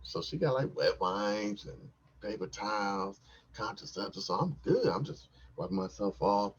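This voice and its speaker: A man tells a story from his own life in a laid-back, slangy, rambling way. His voice sits low and a little husky. The recording is dull and lo-fi. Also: animated, normal speed. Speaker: podcast host. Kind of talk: casual storytelling.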